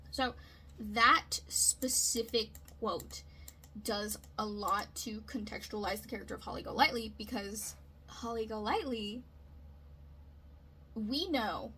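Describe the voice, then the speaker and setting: A woman's voice: on the high side, pushed and bright, slight background noise, low-quality recording. A woman talking through a literary analysis in a casual, chatty way, often checking in with "right?" and "okay?". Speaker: video essayist.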